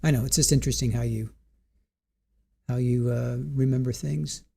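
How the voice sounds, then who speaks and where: Male stream host, mellow, halting delivery with restarts, reading chat aloud. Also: medium pitch, steady tone, vocal fry, breathy edge. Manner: answers live chat questions. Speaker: live trial commentary host. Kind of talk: casual live-stream commentary.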